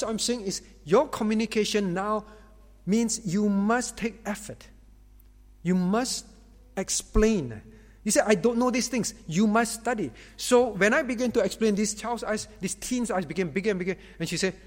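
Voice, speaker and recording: A man with a high voice preaches to parents in a lively sermon. He acts out the voices of angry parents and teens and calls on listeners by name. His voice rings with the long echo of a hall. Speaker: pastor.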